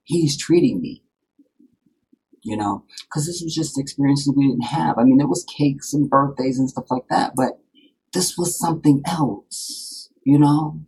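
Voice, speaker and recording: A man's voice: mid-range voice, normal speed, vocal fry, darkish tone, husky, low-quality recording. A man hosting a live stream, telling a personal story to his viewers in a rambling, heartfelt way, full of fillers. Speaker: live-streaming channel host.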